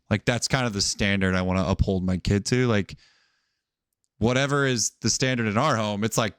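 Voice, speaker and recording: A man's voice: lowish voice, a little fast, clear, resonant tone, no room sound, clean studio sound. A man in his thirties co-hosting a podcast, chatting casually and telling stories with lots of "like" and acted quotes. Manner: rambling, storytelling with acted quotes and frequent "like". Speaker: podcast co-host. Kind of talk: casual chat.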